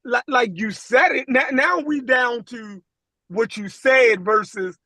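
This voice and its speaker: High-pitched guy in a heated podcast debate, slangy, dry close sound. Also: slow pace, bright, forceful tone, dry recording. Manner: slangy, repeats "you dig what I'm saying". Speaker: podcast co-host.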